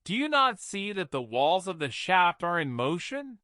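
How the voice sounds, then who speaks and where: A man's voice: high-pitched, sing-song, normal speed, pushed and bright, no room sound, studio quality, pitched above the performer's own voice, exaggerated voice. A man reading an audiobook voices a terrified young man who cries out in alarm and exasperation. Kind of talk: audiobook character voice.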